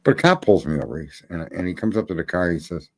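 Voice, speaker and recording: A male podcast host tells long stories in casual chat, rambling and swearing freely. He's expressive and fast, and his voice climbs high whenever he gets indignant.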